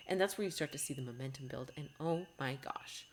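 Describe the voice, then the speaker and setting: A woman's voice: extremely low pitch, fairly quick, a little hiss or hum. A woman hosting a podcast as a test-prep coach, talking in a heartfelt, encouraging way and often restarting her sentences. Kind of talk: earnest podcast monologue.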